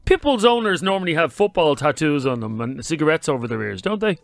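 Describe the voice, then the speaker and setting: A man's voice: on the high side, very animated, fast talker, creaky, no room sound, soft background music. A man co-hosting a radio talk show, teasing and opinionated. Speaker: radio co-host. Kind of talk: casual chat.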